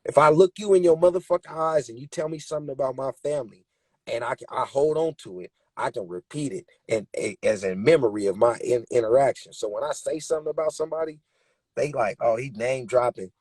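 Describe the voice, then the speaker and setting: A young Bay Area rapper tells his story in a candid interview, speaking fast with emphatic, streetwise conviction. His mid-range voice has a darkish tone and a breathy edge, and the recording is dry.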